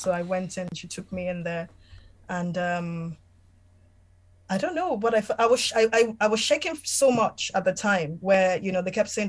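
A woman speaks as an interview guest, her pitch sitting in the middle of the range. She talks in an earnest, reflective way, stopping and restarting as she recalls events. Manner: earnest, reflective, halting with many fillers. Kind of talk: personal storytelling in a podcast interview.

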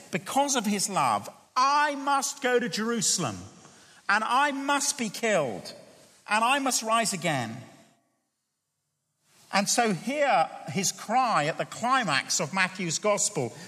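A man preaching a sermon, reading scripture aloud with emphatic, animated delivery. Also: high-pitched. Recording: long hall reverb.

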